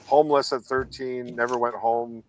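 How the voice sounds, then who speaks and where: A man on a casual live stream panel chat who talks candidly and haltingly about his life. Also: medium pitch, level tone, darkish tone, rough recording. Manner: candid, halting personal talk.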